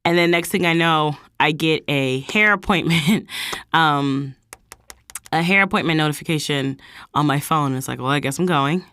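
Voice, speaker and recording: A woman's voice: normal speed, smooth, no echo, clean studio sound. A woman hosting her own vlog, casually telling a personal story and acting out what people said. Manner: animated, quotes people in higher voices. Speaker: vlog host.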